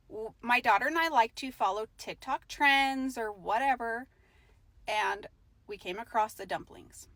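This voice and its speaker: A woman's voice: fairly high pitch, a little slow, fairly bright tone. A woman from Utah speaking as a mother in a video clip, firm and insistent. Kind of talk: talking to a phone camera.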